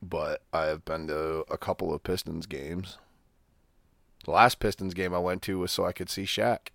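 A man's voice: low voice, steady tone, normal speed, creaky, fairly bright tone, no echo, clean studio sound. A man co-hosting a podcast, chatting casually about sports in a rambling, profane, laid-back way. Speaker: podcast co-host.

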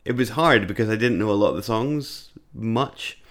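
A man's voice: fairly low pitch, normal speed. A man co-hosting a podcast as its DJ, chatting in an easygoing way. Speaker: podcast co-host and DJ. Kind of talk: casual chat.

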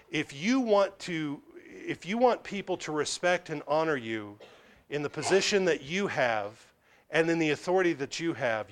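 A male pastor preaching a verse-by-verse sermon, emphatic and dropping low and quiet to drive points home.

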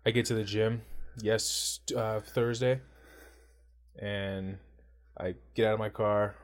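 A man co-hosting a casual podcast, telling profane stories with animated retellings. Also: slow pace. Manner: acts out quotes with big pitch jumps. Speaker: podcast co-host. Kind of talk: casual chat.

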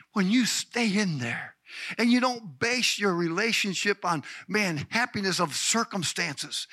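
High, bright-voiced exuberant male preacher. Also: dry recording. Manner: exuberant, calls out congregation members by name. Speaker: pastor. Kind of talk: sermon.

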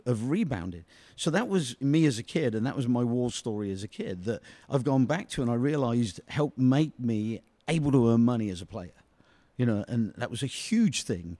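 Speaking at a medium pitch with a slightly mellow quality, this ex-footballer from Britain is an interview guest spinning lengthy stories. He's middle-aged and meandering, and he stuffs "you know" into every gap. There's no echo on the recording.

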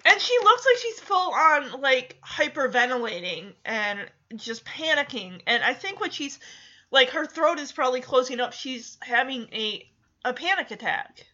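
A woman casually retelling a movie's plot, animated and acting out the characters' lines. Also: high voice, unhurried, muffled recording. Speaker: film recap host.

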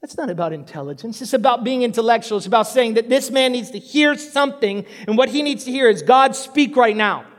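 A man preaching a sermon in a church sanctuary. He talks with animation and acts out Bible scenes in quick voices. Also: extremely high pitch, in a large hall.

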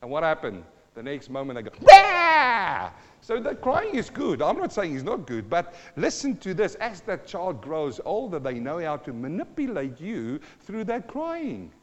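A man's voice: on the high side, huge pitch swings, moderate pace, hardly any pauses, big-room sound, lo-fi sound. A middle-aged man preaching a sermon to a congregation, dramatic, asking questions and acting out sounds and voices. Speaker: pastor.

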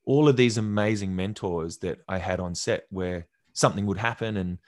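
Animated man, low dry voice. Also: moderate pace, no echo. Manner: animated, acts out quotes from others. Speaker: actor guest. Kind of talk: casual interview storytelling.

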